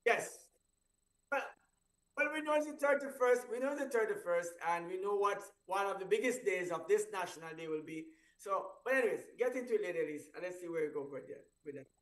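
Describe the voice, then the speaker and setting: High-voiced man rambling on breakfast radio. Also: expressive, brisk, fairly bright tone. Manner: rambling, stumbling restarts, laughing at own story. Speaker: radio show host. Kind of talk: casual radio chat. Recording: roomy echo, voice far from mic.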